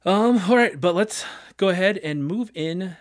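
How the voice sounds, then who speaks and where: A man's voice: high-pitched, animated, moderate pace. A man in his thirties hosting a gaming podcast in casual chat, rambling with many fillers and restarts. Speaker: podcast host.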